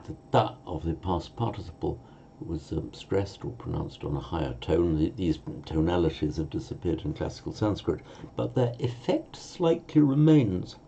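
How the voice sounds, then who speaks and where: Deep gravelly man teaching a language. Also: dark tone, muffled recording, slight background noise. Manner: thinking aloud, self-correcting, with many fillers. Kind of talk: language lesson.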